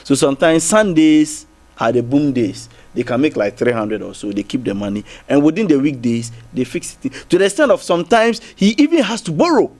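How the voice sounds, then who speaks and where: A man's voice: a little high, expressive, brisk, darkish tone. A man with a Ghanaian English accent arguing as a guest on a TV panel, circling back with repeated restarts and rhetorical questions. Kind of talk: heated TV panel debate.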